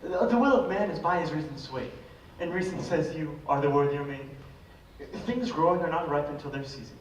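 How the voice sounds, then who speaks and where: An ardent young lover, acted by a man, declaims his lines in a somewhat high voice. He is heard from far across an echoing school auditorium. Faint room noise runs underneath. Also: a little fast, natural voice. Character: ardent young male lover, smooth-talking. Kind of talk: live stage play. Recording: echoey hall from far off.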